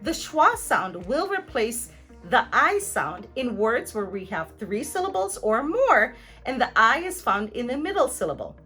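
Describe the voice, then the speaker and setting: A woman teaching pronunciation in a scripted lesson, her voice high and bright. She swings her pitch a lot and sounds out example words carefully, with a playful, joking streak. Soft music plays under her. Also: sing-song, measured pace. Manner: playful, jokey, clearly articulated examples.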